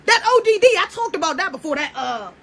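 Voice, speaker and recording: A woman's voice: very high-pitched, big pitch swings, fast, fairly bright tone. A young American woman giving a blunt, preachy, profane casual monologue. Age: young adult. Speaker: commentator.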